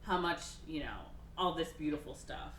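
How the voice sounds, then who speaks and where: A woman hosting a podcast, casually retelling a film's plot and acting out the characters in quick put-on voices. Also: low-pitched. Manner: animated, acts out characters with quick voice shifts. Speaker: podcast host. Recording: echoey room, distant mic, faint hiss.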